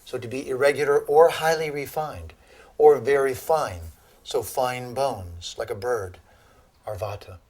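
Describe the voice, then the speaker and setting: A man giving a lecture on Ayurveda to an audience, telling animated stories and laughing at his own jokes. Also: medium pitch, unhurried, slightly rough. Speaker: Ayurveda teacher.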